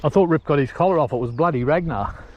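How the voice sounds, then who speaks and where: A man's voice: a little high, quick pace, highs cut off, slight background noise. Man chatting outdoors. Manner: chatty, talks to his dogs and ferrets, excited calls. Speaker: ferreting vlogger. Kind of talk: casual outdoor commentary. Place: outdoors in open country.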